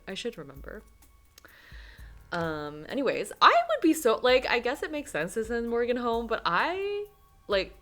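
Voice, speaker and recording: Young woman reading a story game out loud, rambly, lowish voice, soft music behind. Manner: chatty, lots of fillers, trailing asides. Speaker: game streamer.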